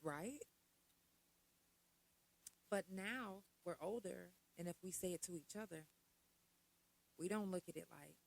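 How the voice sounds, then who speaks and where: A woman's voice: fairly low pitch, unhurried, creaky, long pauses, rough recording. Middle-aged woman hosting a casual podcast. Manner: conversational, full of rhetorical questions and asides. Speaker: podcast host.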